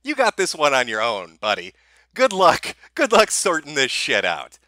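A man's voice: mid-range voice, wildly swooping pitch, moderate pace, bright, forceful tone, dry recording. A man delivering a sarcastic, profane comedic rant as an online commentator. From United States.

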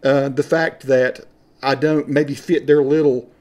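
A man's voice: mid-range voice, level tone, unhurried, a little mellow. A man from western North Carolina with an Appalachian accent, talking to camera in a passionate, rambling, folksy monologue. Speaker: vlogger.

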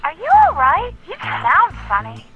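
A woman voicing a sweet, gentle young woman in a game, talking in a chirpy, fretful way. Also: sits high, very animated, a little slow, lo-fi sound, soft background music.

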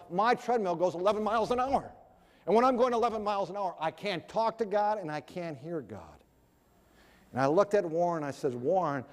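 A middle-aged man preaching to a gathered audience, his voice sitting a little high for a man. He tells his story with animation and acts out each person in it. The sound rings with the long reverb of a large hall. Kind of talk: storytelling sermon.

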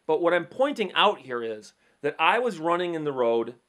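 Male host, middle-aged, pitched a bit high; chatty storyteller who stumbles over repeated words. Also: moderate pace. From Michigan, USA. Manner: animated storyteller, frequent repeats and restarts. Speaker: legal commentary host. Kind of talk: casual explainer talk.

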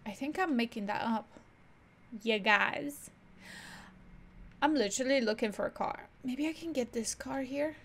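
A woman's voice: sits high, unhurried, pauses often, a little hiss or hum. A woman gaming streamer giving casual gameplay commentary, chatty and self-mocking, always saying "literally". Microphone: desk microphone.

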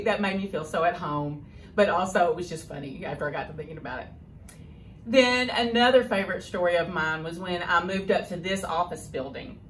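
A woman tells affectionate anecdotes in a relaxed, chatty way, as if speaking straight to an old friend. Her voice sits at an ordinary middle pitch for a woman. A faint hiss runs under the recording. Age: 50s. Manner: fond, chatty anecdotal telling with soft laughter. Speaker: school child nutrition director. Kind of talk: personal tribute message, storytelling.

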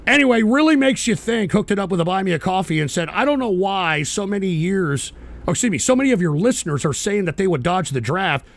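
A man hosting a live stream, yelling and swearing at his audience in an angry political rant on a close mic. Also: high voice, animated, fast talker, creaky. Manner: shouting, swearing, berating his chat. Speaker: host of a live call-in stream show.

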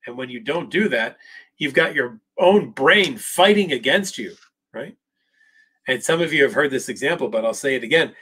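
A man with a slightly husky voice answers viewer questions live as a psychologist. He talks casually and emphatically, addressing people by name. His pitch sits in an ordinary middle range. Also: expressive, normal speed, sharp tone.

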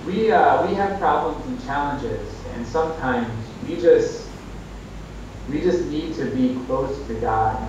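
An earnest man preaches over a video call, his voice pitched in a middle range and rising now and then for emphasis. He sounds far from the mic in a very echoey room. The audio is dull and muffled, with a faint rumble underneath. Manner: earnest, exhorting, with rises for emphasis.

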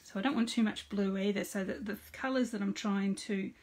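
A middle-aged woman hosts a relaxed live card-making demo, speaking briskly with a medium pitch, fairly even intonation and a darkish tone. She greets viewers by name and talks through every step out loud.

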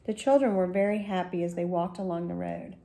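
Gentle, mellow woman reading a storybook. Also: on the low side, fairly even intonation, brisk, vocal fry. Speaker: school librarian. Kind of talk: reading a children's book aloud.

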